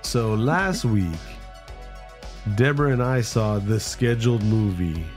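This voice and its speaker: A man with a fairly low voice co-hosts a horror movie podcast while fighting bronchitis. He talks in a loose, joking, rambling way, and faint music plays behind him. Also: expressive, measured pace. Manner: joking, rambling, plugs socials. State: sick with bronchitis. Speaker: podcast co-host. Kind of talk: casual chat.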